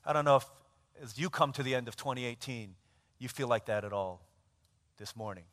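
A man preaching as a pastor, an animated, self-mocking storyteller, in a church sanctuary. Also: medium pitch, brisk. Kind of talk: sermon storytelling. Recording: long church reverb.

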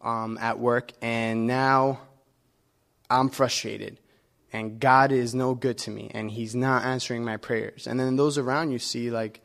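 A man delivering a conversational sermon as a preacher, relaxed and personal, pausing often with fillers and restarting his sentences. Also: mid-range voice, gravelly. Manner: relaxed and personal, with many filler pauses and self-corrections.

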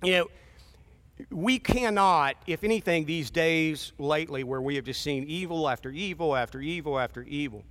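A man's voice: a little high, a bit bright. A man in his fifties preaching a sermon in a conversational, storytelling way with wry asides. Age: 50s.

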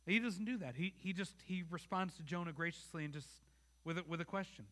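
A pastor preaching a conversational sermon, earnest, and putting rhetorical questions straight to the congregation. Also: male voice, high voice, a little fast, fairly bright tone.

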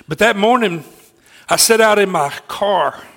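A man's voice: sits high, a little slow, a bit bright. A middle-aged man preaching a sermon, telling a personal story in an earnest way and often restarting his sentences.

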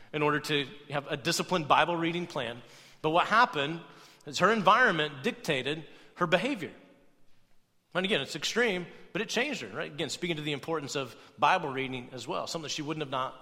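A man's voice: on the high side, long reverb tail. A young adult man preaching a conversational sermon, often checking in with "right?". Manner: conversational, animated, tags points with "right?". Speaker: pastor.

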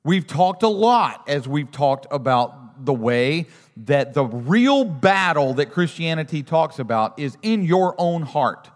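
A male pastor preaches in a loose, chatty way, leaning on self-deprecating stories. His voice sits a little high for a man. It carries the long reverb of a church hall. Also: animated, slow pace. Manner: conversational, self-deprecating storytelling. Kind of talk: sermon.

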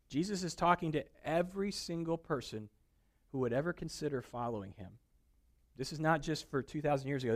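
A man preaching a conversational sermon, his voice a touch higher than most men's. He swings his pitch widely, jumping up for quoted voices and dropping low for serious points. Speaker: pastor.

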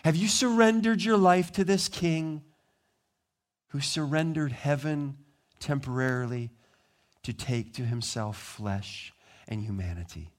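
Animated preaching man. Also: on the high side, a little slow. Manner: animated storytelling, acting out voices. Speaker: pastor. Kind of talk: sermon.

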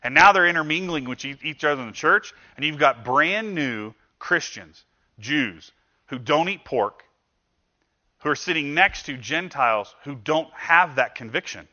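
A man delivers a sermon in a relaxed, conversational way, slipping into quoted voices to make his points. His voice is bright and forward. The recording sounds a bit dull and lo-fi. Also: a little high, normal speed. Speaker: pastor.

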